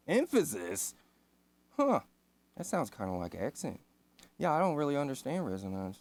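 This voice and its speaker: A man's voice: mid-range voice, very animated, normal speed, darkish tone, no room sound. A man reading a synthesizer manual aloud and breaking off into laid-back, self-deprecating commentary with casual swearing. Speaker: synth hobbyist host.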